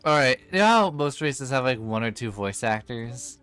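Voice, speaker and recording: A man's voice: mid-range voice, expressive, moderate pace, fairly bright tone, smooth, faint music behind. A man in casual gaming chat, rambling and laughing, with many fillers as he plays. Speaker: game streamer.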